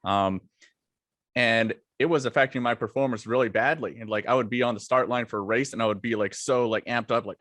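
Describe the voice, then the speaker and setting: A man guest on a podcast, telling his own story in a relaxed, reflective way with plenty of "like" fillers. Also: medium pitch, a little fast, no echo. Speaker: podcast guest, former longboard racer. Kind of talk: casual interview talk.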